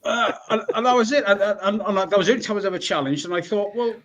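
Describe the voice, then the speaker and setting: British bloke, slightly high voice, swears freely and acts out his anecdotes on a video-call chat. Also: fast talker, a little hiss or hum. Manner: animated storyteller, swears, acts out the people he quotes. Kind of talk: casual chat.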